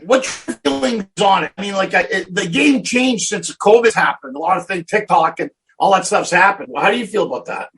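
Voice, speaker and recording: A man hosting a podcast, chatting casually with a guest, telling loud stories full of quoted dialogue and swearing. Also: sits high, animated, brisk, hardly any pauses, a little hiss or hum. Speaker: podcast host. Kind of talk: casual interview chat.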